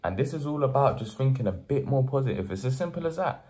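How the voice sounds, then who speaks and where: A young man talks fast into the camera in a mid-range, slightly mellow voice full of lively intonation. The vlog is an earnest motivational piece, urging hard work and building toward emphatic pushes.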